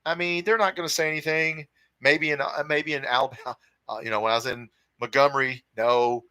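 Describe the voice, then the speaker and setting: A man's voice: medium pitch, steady tone, a little fast, pushed and bright, dry recording, low-quality recording. A man hosting a fan livestream, reading viewer comments and answering in blunt, profane, fired-up casual talk, calling people brother and dude. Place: home room with his cat nearby.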